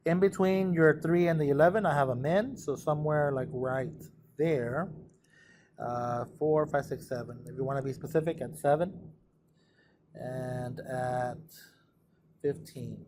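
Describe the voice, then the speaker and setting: A man's voice: mid-range voice, steady tone, unhurried, noisy background. A math teacher casually talking through exam problems for his students, thinking aloud as he works. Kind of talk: recorded exam walkthrough.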